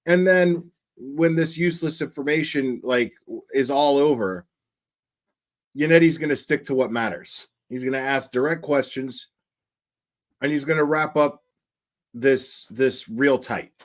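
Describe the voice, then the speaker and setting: A man's voice: on the high side, unhurried. A man giving casual, blunt and profane live commentary on a trial while eating his lunch.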